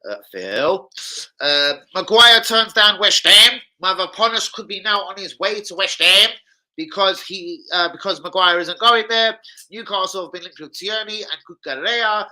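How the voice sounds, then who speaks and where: A man's voice: high voice, lively intonation, normal speed, bright, forceful tone, low-quality recording. A man hosting a football fan channel, hyper and slangy, swearing freely through casual chat and a transfer news roundup.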